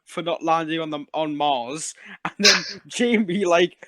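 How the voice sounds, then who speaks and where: A Geordie man chatting casually on a podcast, his voice pitched high for a man. He laughs often and swears freely. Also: unhurried, background noise. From England. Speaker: podcast host. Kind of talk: casual chat.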